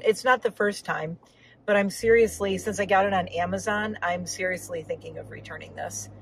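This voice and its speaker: A woman's voice: medium pitch, rough recording. A woman talks casually to her viewers while she drives, rambling from one topic to the next with plenty of asides. Her throat is a little sore. A faint hum of the car sits under her voice. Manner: rambling, chatty, frequent asides. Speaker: vlogger. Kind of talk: casual chat while driving. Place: inside a car on the road.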